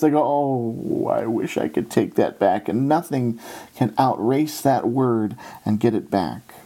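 Male preacher, earnest and steady, mellow low-bright tone. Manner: earnest, steady delivery, often quoting scripture and authors. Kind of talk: sermon.

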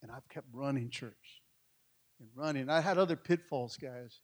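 A middle-aged male pastor, telling a story in a sermon, swinging between hushed and loud. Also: mid-range voice, moderate pace.

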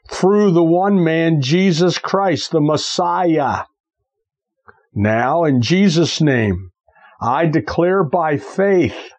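Husky, animated male preacher. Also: on the high side. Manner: fervent, exhorting, leading the listener in declarations. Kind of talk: sermon with spoken decrees.

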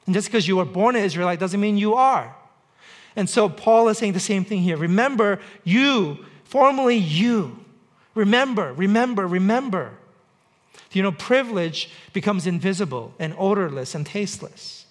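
A man's voice: sits high, brisk. A man preaching a sermon in a conversational way, with repetition and dry humor. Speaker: pastor. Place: church on Mercer Island.

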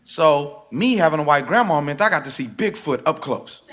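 A man performing a personal story live on stage, with a rhythmic, theatrical delivery that swings sharply in pitch and loudness. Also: lively intonation, moderate pace, slight background noise. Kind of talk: live spoken-word storytelling. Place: stage before a live audience. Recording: live stage recording with music bed underneath.

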